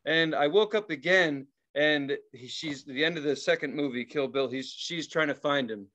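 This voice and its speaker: Animated storytelling man, bright tone. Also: fairly high pitch, normal speed. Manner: animated storyteller, laughs and yells quoted lines. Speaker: podcast co-host. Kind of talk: casual chat.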